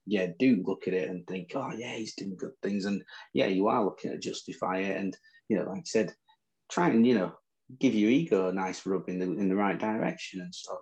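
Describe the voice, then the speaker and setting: This Northern English man's voice is low, a little creaky and mellow, and slightly fast, heard on a rough recording. Co-hosting a chat podcast about fantasy football, he swaps boastful, teasing banter casually.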